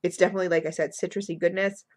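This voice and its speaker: A woman with a cold, rambling excitedly through a casual review at home, recorded on her computer mic. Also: lowish voice, rapid-fire. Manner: gushing, rambling, many fillers. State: has a cold. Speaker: vlogger reviewing wax melts.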